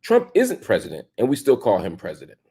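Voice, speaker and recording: A man in his forties hosting a show, delivering an emphatic opinion monologue full of rhetorical questions, swinging between loud and soft. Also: lowish voice, wildly swooping pitch, brisk, breathy edge. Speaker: show host.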